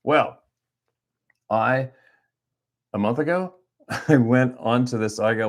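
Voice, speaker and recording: A man's voice: medium pitch, slow pace, pauses often. A middle-aged man, talking off the cuff on a livestream, rambling and blunt and swearing freely. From Canada. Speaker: hunting guide and livestream host. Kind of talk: casual livestream chat.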